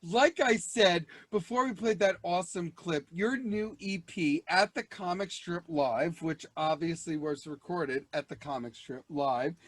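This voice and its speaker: A man's voice: on the high side, a little slow, hardly any pauses, a bit bright, no room sound. A man hosting an interview show, talking in an effusive, gushing way to his guest. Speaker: show host.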